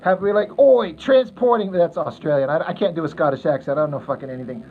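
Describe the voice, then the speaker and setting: A man's voice: on the high side, rapid-fire. A man chatting casually with his livestream viewers while sketching, rambling and poking fun at himself, chuckling at his own jokes. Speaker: livestreaming artist answering chat. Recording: tinny phone-like audio with faint noise.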